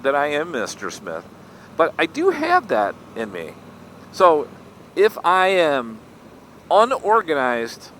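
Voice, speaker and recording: A man's voice: mid-range voice, a bit bright, poor audio. A middle-aged man, chatting in a rambling, self-mocking way while riding a motorcycle through traffic. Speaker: motorcycle vlogger. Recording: faint road and traffic noise.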